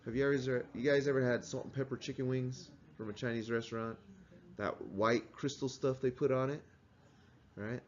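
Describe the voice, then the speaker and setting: A man's voice: mid-range voice, fairly even intonation, moderate pace, dull audio, a little hiss or hum. A man teaching a class, explaining things in a conversational way and asking the students questions. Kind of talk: classroom lecture.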